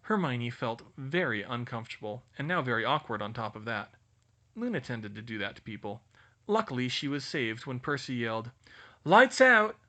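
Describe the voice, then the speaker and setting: A man reading a fan-fiction story aloud with expressive storytelling. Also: mid-range voice, moderate pace. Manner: expressive storytelling, voices each character. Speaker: reader.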